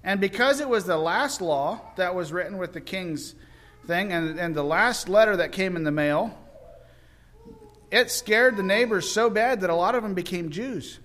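High-pitched man, casual storyteller, folksy and animated, slips into character voices. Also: normal speed. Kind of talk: informal Bible story retelling.

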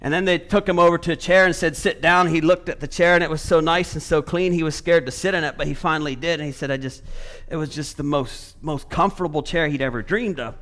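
A man's voice: fairly high pitch, fast talker, fairly bright tone. A man preaching a sermon, retelling a story with quoted speech and building to emphatic points.

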